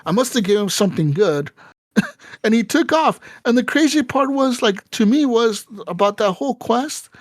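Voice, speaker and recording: A man's voice: extremely high pitch, normal speed, dry recording. A man co-hosting a casual podcast, telling game stories with lots of swearing and acting out the characters' lines. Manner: animated storytelling with profanity, acting out game characters. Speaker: podcast co-host.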